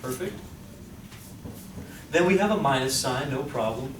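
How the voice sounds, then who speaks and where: A statistics lecturer speaks in a medium-pitched, animated voice at a slightly slow pace. He stays upbeat, quizzing his students and coaxing answers out of them. Room echo, a distant mic, and background noise are audible.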